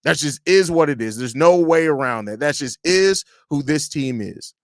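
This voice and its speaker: A man with a Chicago accent hosts a live podcast stream, reading chat comments aloud and ranting with blunt, profane energy. His voice sits high for a man, and the sound is dry and close, with no room around it. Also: expressive, normal speed, no echo.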